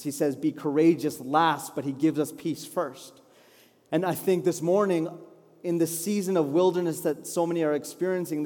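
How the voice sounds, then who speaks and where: A man preaching a sermon live to a congregation, earnest and pleading, building to fervent declarations and slowing down to pray. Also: fairly high pitch. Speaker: pastor. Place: church hall, live congregation. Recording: live church hall reverb with soft music. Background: soft instrumental worship music.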